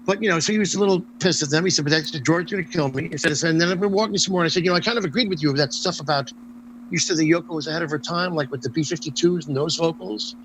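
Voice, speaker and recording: An older man recounts stories in an interview, voice sitting a bit high for a man. He slips into the voices of the people he quotes as he goes. A faint hum sits under the recording. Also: rapid-fire, rough recording. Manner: animated storyteller, acts out quoted dialogue. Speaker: interview guest. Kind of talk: storytelling anecdotes in a casual interview.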